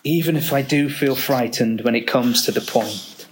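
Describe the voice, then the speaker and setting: A man doing an earnest, lowered boy's voice. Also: moderate pace, a little hiss or hum, lightly acted, poor audio. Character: earnest brave young boy. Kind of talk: storybook read-aloud in a sermon.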